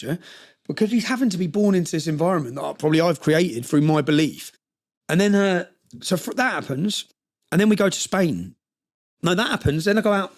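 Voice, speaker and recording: Man, interview guest, gravelly and rapid, emotional rambling storyteller. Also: fairly high pitch. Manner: passionate, rambling with restarts.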